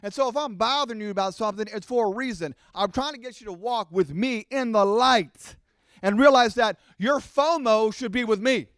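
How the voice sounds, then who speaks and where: High-voiced man preaching a sermon. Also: normal speed, dry recording, clean studio sound. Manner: animated preaching, acting out voices of the congregation. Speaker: pastor.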